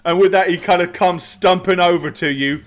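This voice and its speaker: A man's voice: sits high, fairly even intonation, normal speed. A man narrating a tabletop role-playing game as game master, casual and loose with fillers. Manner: casual, with many fillers and laughs.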